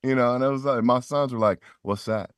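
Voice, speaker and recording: A man's voice: medium pitch, brisk, smooth, no room sound. A middle-aged man, a voice actor, telling stories as a podcast guest and acting out quoted voices with animation. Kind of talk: storytelling in a podcast interview.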